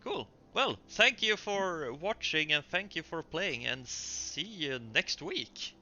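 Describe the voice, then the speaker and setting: A man narrating as game master of a streamed tabletop game, relaxed and halting with fillers. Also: fairly high pitch, highs cut off, faint music behind.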